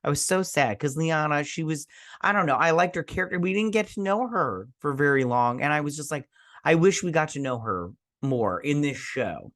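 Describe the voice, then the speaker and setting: A host with a fairly high, fairly bright voice casually recaps a TV episode at a moderate pace with lively intonation. He rambles, restarts often, and paraphrases loosely and profanely. The recording is dry and studio-clean.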